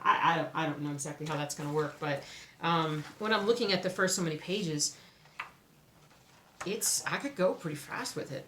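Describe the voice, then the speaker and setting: A woman with a somewhat low voice chats to her viewers about her stitching, excitable and quick to exclaim. The room around her is echoey, with a faint hiss of background noise. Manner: excitable, chatty, exclaims often. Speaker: cross-stitch vlogger. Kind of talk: casual chat to camera.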